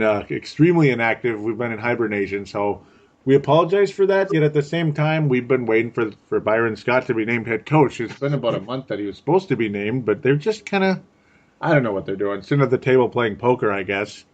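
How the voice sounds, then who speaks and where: A man co-hosting a casual sports podcast, chatty and quick to laugh, often repeating a word for effect. His voice sits mid-range, and the audio is dull and lo-fi. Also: mid-range voice. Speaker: podcast co-host.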